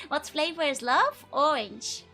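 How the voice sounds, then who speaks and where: A young woman chats with her stream audience in a bright, high voice. She giggles all the time and teases her viewers playfully. Faint music plays quietly in the background. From Netherlands. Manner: giggly, laughs constantly, playful teasing. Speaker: VTuber streamer. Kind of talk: casual live-stream chat reading viewer messages.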